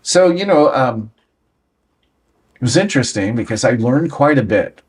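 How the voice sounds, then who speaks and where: With an expressive mid-range voice at a moderate pace, an American man in his sixties spins anecdotes from his career on an interview show. He acts out what people said in each story.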